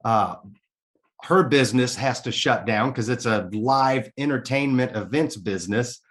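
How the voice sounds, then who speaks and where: A man's voice: mid-range voice, measured pace, a bit bright. A man as a podcast guest, telling a personal story in a candid, earnest way and swearing casually.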